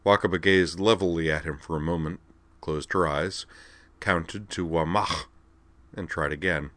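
A man narrating fiction aloud in a calm, measured storytelling manner. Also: low voice, dry recording. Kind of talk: audiobook-style fiction reading.

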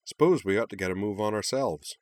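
A man voicing a wry teenage girl student in a storybook reading, speaking a bit higher than his own voice. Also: animated, brisk, a little mellow, no room sound, lightly acted.

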